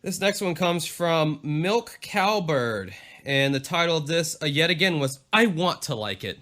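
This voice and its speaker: A man's voice: a little high, expressive, unhurried, fairly bright tone. A young man co-hosting a podcast, reading reviews aloud in a loose, self-deprecating way and swearing freely. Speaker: podcast co-host.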